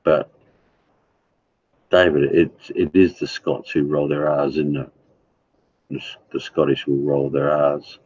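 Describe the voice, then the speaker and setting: A man with a rumbling, very low voice and a rough, husky edge chats loosely with his viewers and greets them by name. His sound comes through thin and narrow, like a phone line, and he talks from home. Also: level tone, measured pace, pauses often, a little mellow. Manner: rambling, addresses chatters by name. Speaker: livestreamer. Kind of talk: casual chat with live viewers.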